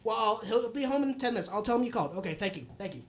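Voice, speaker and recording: A man's voice: high voice, expressive, rapid-fire, crowd noise. A man impersonating his angry middle-aged mother, who scolds fiercely and then turns polite on the phone.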